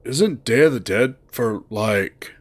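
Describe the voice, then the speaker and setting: A man playing a sardonic young furry slacker from a visual novel who drawls his lines slowly, his pitch swinging up and down with sarcastic exasperation. The delivery stays dry and unhurried. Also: animated. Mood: wry.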